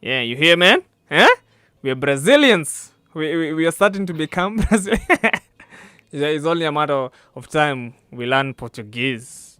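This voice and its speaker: A man's voice: fairly high pitch, big pitch swings, unhurried, pushed and bright, clean tone, dry recording, clean studio sound. A young man with a Kenyan accent hosting a casual podcast, joking and laughing often. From East Africa. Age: young adult. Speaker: podcast host.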